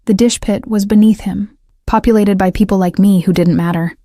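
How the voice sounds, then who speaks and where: Even-voiced woman narrating a story. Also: medium pitch, no echo, clean studio sound. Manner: even, measured storytelling delivery. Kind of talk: scripted first-person story narration.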